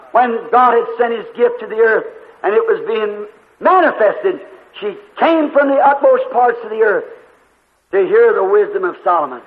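A male preacher delivering a sermon, telling a story fervently and drawing out emphatic phrases. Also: high voice. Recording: tinny lo-fi recording with hall echo.

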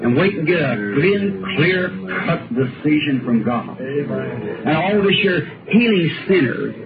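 A man's voice: on the high side, expressive, measured pace, over music. A middle-aged man preaching a sermon, telling stories in a folksy way with sudden emphatic rises. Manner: folksy storytelling preaching with rising emphatic bursts. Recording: tinny old recording with noise.

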